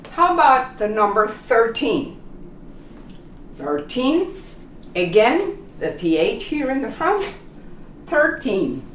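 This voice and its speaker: A woman teaching English pronunciation, repeating words slowly and carefully for learners. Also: on the high side, distant mic, a little hiss or hum. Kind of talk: pronunciation lesson. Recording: roomy echo, voice a bit off-mic, faint ambience.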